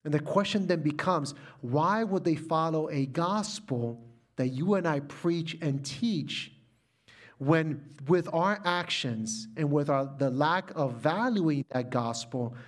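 A middle-aged man from Puerto Rico giving a sermon, telling a personal family story with animated delivery that turns soft and quiet in heartfelt moments. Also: on the high side, unhurried. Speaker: preacher.

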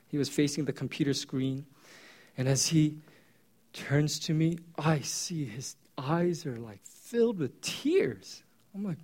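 A male pastor delivers a sermon in a relaxed, storytelling way. His voice sits somewhat high for a man. He swings from loud, animated bursts to quiet, hushed asides.

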